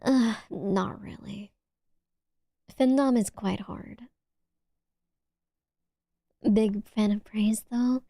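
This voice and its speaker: A young woman with a Valley Girl accent chatting on her stream, talking loosely with lots of "like"s and sometimes dropping to a soft whisper. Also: slow, no echo, studio quality. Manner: chatty, filler-heavy with many "like"s, dips into low whispers. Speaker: VTuber streamer. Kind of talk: casual chat stream.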